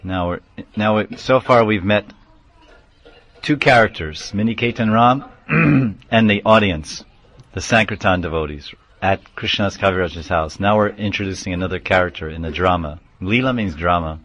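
Guy giving a scripture class, kinda low voice, explains words and chants lines. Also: moderate pace. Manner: explains terms, chants verses, shouts out names. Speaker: spiritual teacher.

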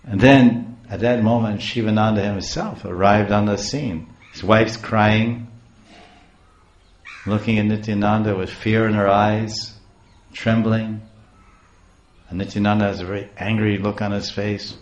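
A man's voice: lowish voice, steady tone, unhurried, muffled recording. A man telling a scripture story in a lecture, chanting verses and chuckling as he explains, recorded in an echoey room. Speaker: speaker on scripture. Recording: roomy echo.

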